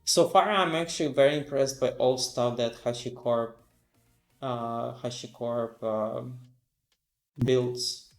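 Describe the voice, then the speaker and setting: A man's voice: mid-range voice, fairly even intonation, slow, reverberant, soft background music. Sleepy man thinking aloud on stream. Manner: thinks aloud, reads docs aloud, frequent fillers. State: sleepy, yawning. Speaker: live-streaming developer. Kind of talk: casual live-coding stream.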